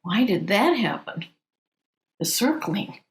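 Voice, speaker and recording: An actress playing an uneasy wife at the kitchen table who asks short, wary questions. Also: female voice, mid-range voice, very animated, slow pace, echoey room. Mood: wary questioning. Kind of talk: audio drama acting.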